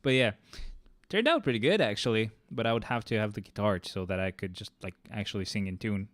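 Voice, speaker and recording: A man's voice: fairly low pitch, clear, resonant tone, no room sound. A man streaming a game and rambling casually, with loose, chatty talk full of fillers and restarts. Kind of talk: casual rambling chat while gaming.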